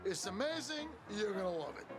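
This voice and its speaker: A man's voice: high voice, sing-song, brisk. Johnny T, a man doing a brash New York puppet guy. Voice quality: gruff and wisecracking. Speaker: tourist guide character. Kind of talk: comic puppet-show monologue.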